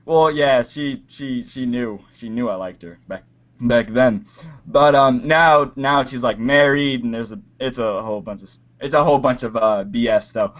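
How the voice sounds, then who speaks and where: A young man telling a long personal story on a call, hesitant with many pauses and fillers. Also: mid-range voice, fairly bright tone. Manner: hesitant, many ums, acts out quotes. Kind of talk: casual storytelling. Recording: muffled lo-fi call audio.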